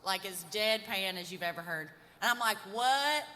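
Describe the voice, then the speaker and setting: A woman's voice: medium pitch, sharp tone, a little hiss or hum. A young woman, a folk singer, chatting and laughing between songs on a live stage. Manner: chatty, laughing, quick asides. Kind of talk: casual on-stage storytelling. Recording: live stage in a reverberant hall.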